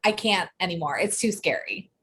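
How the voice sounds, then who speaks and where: A woman co-hosting a podcast in casual chat, telling stories in a chatty, animated way. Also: fairly low pitch, normal speed, slight background noise. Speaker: podcast co-host.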